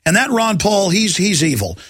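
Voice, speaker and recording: A man hosts a talk radio show in a high, sharp voice, ranting and mocking with biting sarcasm. The sound is dry and close. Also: very animated, normal speed, husky, no echo. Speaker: radio host.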